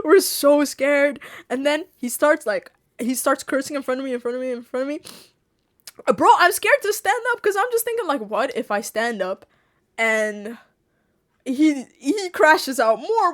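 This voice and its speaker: A woman streamer telling a story to her viewers in a casual chat, animated, laughing often and swearing freely. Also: high voice, normal speed. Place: home streaming setup.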